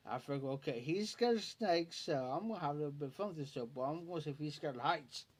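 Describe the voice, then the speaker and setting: A man's voice: on the high side, fast. A man with a rural Ohio accent telling a folksy story on a late-night stream, laughing as he goes. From Ohio, USA. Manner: folksy, laughing as he tells a yarn. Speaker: livestreamer.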